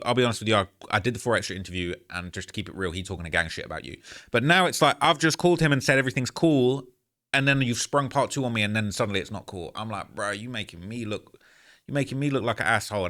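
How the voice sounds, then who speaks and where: A YouTuber with a medium-pitched, fairly bright voice tells a story to camera. It's a casual, rambling monologue, candid, frustrated, and earnest, sprinkled with "man" and "bro."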